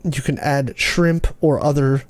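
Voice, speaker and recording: A man's voice: mid-range voice, steady tone, a little slow, close to an everyday voice. A man voicing a polite, formal restaurant maître d'. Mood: courteous. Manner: courteous, formal.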